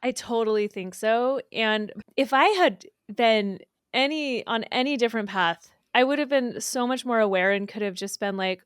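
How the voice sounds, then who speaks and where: A woman's voice: a little high, normal speed, hardly any pauses, clean tone, no echo, studio quality. A woman hosting a podcast, chatting casually and supportively with her guest while asking follow-up questions. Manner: supportive, responsive interviewer. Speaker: podcast host. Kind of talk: casual interview chat.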